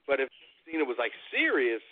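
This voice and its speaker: A man's voice: medium pitch, wildly swooping pitch, brisk. A man co-hosting a podcast in casual chat, talking loosely with lots of fillers. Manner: chatty, hedging with fillers. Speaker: podcast co-host. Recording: phone-like line.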